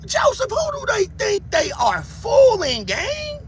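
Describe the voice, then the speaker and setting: A man hosting a livestream, reacting to video footage in loud, profane, excitable commentary and often laughing. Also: very high voice, takes it slowly, slight background noise. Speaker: livestream host.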